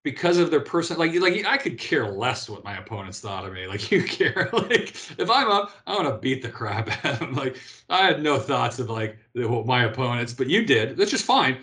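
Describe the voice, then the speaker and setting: A man's voice: mid-range voice, sing-song, normal speed, a bit bright. A man in his fifties, a guest in a casual interview, telling stories animatedly with frequent restarts and repeated words. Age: 50s. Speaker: interview guest, former pro athlete.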